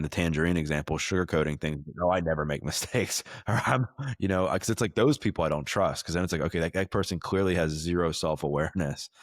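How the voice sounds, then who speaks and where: A man hosts a podcast in a loose, rambling way, circling back with restarts and fillers. His voice is extremely low. The sound is dry and close. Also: no echo. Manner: rambling, many likes and restarts. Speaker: podcast host. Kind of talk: casual interview chat.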